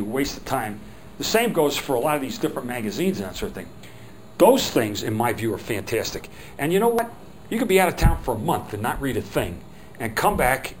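In a rough recording with light background hum, a middle-aged man with a mid-range voice leads a phone skills workshop. He's chatty and rambling, often acting out quotes.

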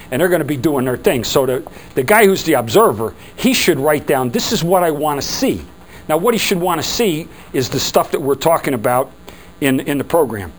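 Male sales trainer, fairly high voice, animated, faint room noise. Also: poor audio. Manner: animated, acts out customer quotes.

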